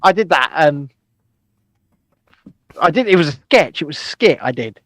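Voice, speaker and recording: A man's voice: on the high side, animated, moderate pace, fairly bright tone, no room sound. A man co-hosting a casual podcast, joking and teasing his partner. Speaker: podcast co-host. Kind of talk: casual chat.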